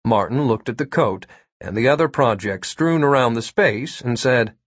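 Husky male narrator, lively pitch, wry storytelling delivery, dry read. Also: normal speed, no room sound. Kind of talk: scripted audiobook narration.

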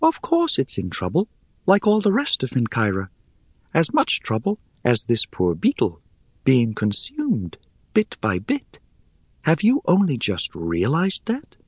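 A small, airy female spider, high above the man's own voice, who teases and lectures with lofty wit. Her delivery is lilting and dry, a storybook creature who is never in a hurry. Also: wildly swooping pitch, husky, dry recording, heavily acted. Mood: scolding. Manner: teasing, unhurried, superior. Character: tiny white spider, female, ancient, wry and hungry.

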